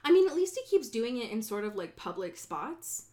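A woman co-hosting a casual podcast, talking about a book in a profane, animated way and acting out the characters' lines. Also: on the high side, moderate pace. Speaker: podcast co-host. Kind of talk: casual book discussion chat.

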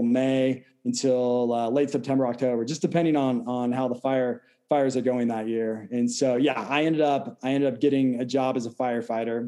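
A man in his thirties from California, a podcast guest talking in a measured, explanatory way and trailing off at the ends of sentences. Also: mid-range voice, dark tone. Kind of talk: casual interview chat.

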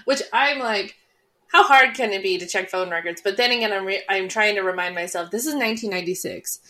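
Relaxed woman chatting about a film. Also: mid-range voice, brisk. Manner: relaxed, conversational, frequent "like" fillers. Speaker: podcast co-host. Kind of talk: casual movie recap chat.

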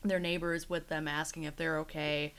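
A woman's voice: deep voice, level tone, brisk, a bit bright, smooth. A woman co-hosting a casual podcast, retelling a TV episode in a chatty storytelling way. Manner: chatty storytelling, acting out quotes. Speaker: podcast co-host recapping a TV episode. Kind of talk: casual chat.

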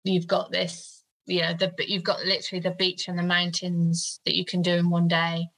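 A woman's voice: on the low side, monotone, normal speed, a bit bright, rough recording. A woman in her thirties, a guest in an interview, talking hesitantly with many fillers. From United Kingdom. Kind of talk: conversational interview.

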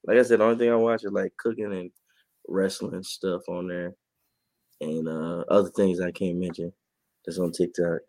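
A man co-hosting a podcast and reporting on sports, talking in a casual, animated way and laughing often. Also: low-pitched, normal speed, dry recording. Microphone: podcast mic.

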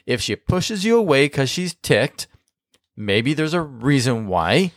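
A man co-hosting a marriage podcast, giving casual advice in an animated, emphatic way and often restarting his sentences. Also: medium pitch, slow, no room sound, clean studio sound.

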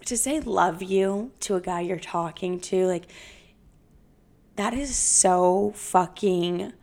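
Young woman podcast host, casual solo monologue, blunt and profane with self-mocking humor, vocal fry throughout. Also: fairly low pitch, slow, a little mellow.

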